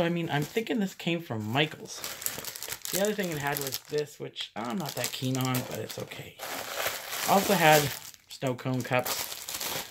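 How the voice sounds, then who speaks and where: A woman's voice: low voice, noisy background. A woman chatting casually through a thrift haul, rambling into stories and laughing often. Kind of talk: casual haul vlog chat.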